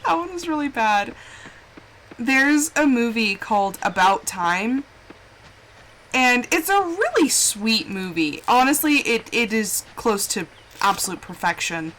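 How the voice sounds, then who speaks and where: High, animated woman streamer over music. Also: unhurried, slight background noise. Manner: gushing and emotional, with frequent laughs and exclamations. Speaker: live-streaming gamer. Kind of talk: casual chat while gaming live. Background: game music.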